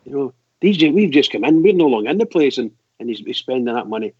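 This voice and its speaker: A man's voice: medium pitch, animated, quick pace, darkish tone, slightly rough, no room sound. A man hosting a fan call-in radio show, teasing his guests and laughing a lot. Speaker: radio host. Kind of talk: casual chat. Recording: dry, dull lo-fi audio.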